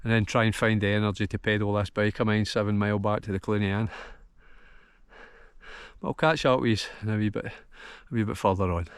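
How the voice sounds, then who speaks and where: A man's voice: on the low side, fairly even intonation, fairly quick, clean tone, dry recording. A middle-aged Scottish man talking casually to camera outdoors on a mountain ridge, tired from a long walk, rambling and heartfelt, with many restarts. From Scotland. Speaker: hillwalking vlogger.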